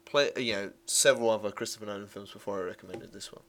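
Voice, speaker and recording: A man's voice: fairly low pitch, quick pace, creaky, a bit bright. A man co-hosting a podcast, chatting casually about a film with lots of restarts and laughter. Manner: rambling, self-correcting, laughs often. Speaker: podcast co-host.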